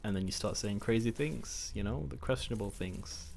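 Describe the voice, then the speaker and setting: A man's voice: on the low side, moderate pace, gravelly, a little mellow. A man hosting a gaming video, giving casual gameplay commentary, chatty and self-mocking as he thinks aloud.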